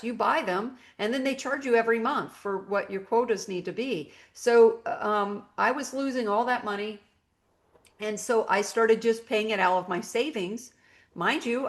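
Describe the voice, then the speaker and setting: A middle-aged woman gives a personal testimony in an animated, storytelling way. She acts out her own past outbursts as she tells it. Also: medium pitch. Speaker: guest telling her story.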